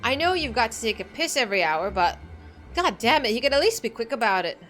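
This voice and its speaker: A woman reading aloud in a rough put-on voice as a grumpy, crude old male bandit who swears and snaps. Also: on the high side, big pitch swings, fast, a bit bright, faint music behind. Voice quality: rough put-on British-style accent. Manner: cursing, irritable.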